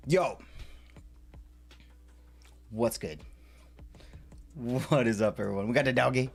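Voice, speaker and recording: A man chatting playfully with his viewers while streaming a building game, often jumping into sudden high squeals. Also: takes it slowly, vocal fry, pauses often, soft background music. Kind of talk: live game stream chat.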